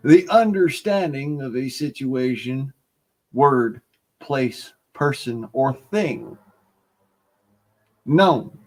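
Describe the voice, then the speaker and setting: Slow and darkish, his mid-range voice carries a Southern US accent. As a livestream host he chats in a loose, folksy, rambling way, drawling through stories, laughing often, and mumbling here and there.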